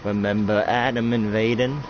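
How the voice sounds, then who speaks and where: A man doing a lecturing ghost commander in a put-on Russian accent, low and accusing. The sound is muffled and lo-fi, with loud noise underneath. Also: steady tone, normal speed, close to an everyday voice. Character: ghostly male commander posing as a Russian leader, accusing and preachy.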